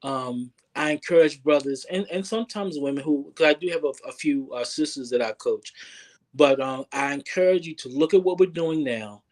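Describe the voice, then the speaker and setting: Fairly high in pitch and a touch mellow, his voice moves at an ordinary speed. He's a man who coaches relationships, here chatting casually as an earnest interview guest who repeats words while thinking.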